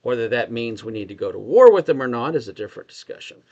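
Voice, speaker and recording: A man with a Texas drawl talks through politics casually, often restarting his sentences as he thinks aloud. His voice sits at a middling pitch. The audio is slightly dull and lo-fi. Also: sing-song, fast talker, a little mellow. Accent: Texan. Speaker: podcast co-host.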